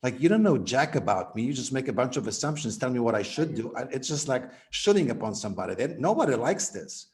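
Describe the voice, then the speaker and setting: A man's voice: mid-range voice, big pitch swings, quick pace, few pauses, a little mellow. A man guest on a podcast interview, a business coach who animatedly acts out sample conversations in quoted voices.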